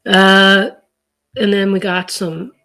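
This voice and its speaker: A middle-aged woman from Canada's East Coast shows her grocery haul in a casual vlog, speaking slowly and flatly in a medium-pitched voice with a sharp tone. She rambles through stories, full of fillers and restarts.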